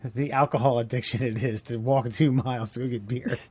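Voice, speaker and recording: A man's voice: mid-range voice, fairly even intonation, a little fast, a little mellow, slightly rough. Podcast guy rambling, lots of likes and ums, normal mid voice. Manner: rambling, laughing storyteller. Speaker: podcast co-host. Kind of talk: casual comedy podcast chat.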